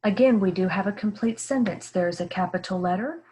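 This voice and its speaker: A woman teacher giving an early reading lesson, sounding each word out slowly and clearly for young children. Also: medium pitch, darkish tone. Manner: slow, careful, sounding words out clearly.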